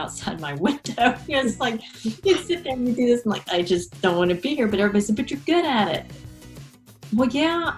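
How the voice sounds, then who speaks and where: A woman speaking as the guest in a casual interview, an animated storyteller who breaks into high, excited exclamations.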